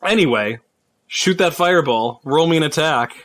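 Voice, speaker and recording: A man running a tabletop role-playing game as game master, chatty and quick with frequent laughter. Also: on the high side, expressive, fairly bright tone, a little hiss or hum.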